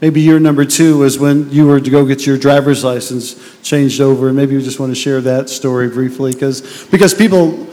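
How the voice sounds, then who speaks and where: A man's voice: mid-range voice, fairly even intonation, normal speed, few pauses, dark tone. Earnest male pastor in a reverberant hall. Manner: earnest, conversational preaching with restarts. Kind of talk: sermon.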